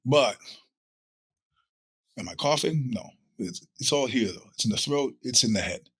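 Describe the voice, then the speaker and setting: A man's voice: mid-range voice, animated, a little slow, husky, no echo. A middle-aged man with a cold, hosting his show in a rambling, profane monologue. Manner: rambling, profane storytelling with acted-out quotes. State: sick with a cold. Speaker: podcast host. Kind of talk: casual monologue.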